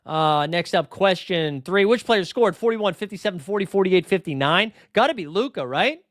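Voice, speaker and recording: A man's voice: sits high, lively intonation, moderate pace, fairly bright tone, dry recording, studio quality. A man hosting a fantasy basketball livestream, chatting casually and rattling off player names and numbers. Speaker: fantasy basketball show host.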